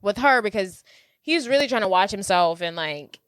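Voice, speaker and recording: A woman's voice: mid-range voice, lively intonation, normal speed, a bit bright, clear, resonant tone, no room sound. A woman co-hosting a podcast, casually chatting and laughing while recapping a film. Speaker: podcast co-host.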